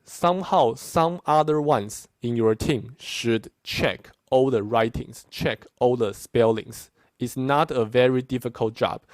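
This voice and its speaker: A man's voice: medium pitch, unhurried, dry recording. Emphatic male lecturer. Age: middle-aged. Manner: emphatic, repeats points with frequent "okay?". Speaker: university lecturer. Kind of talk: classroom lecture.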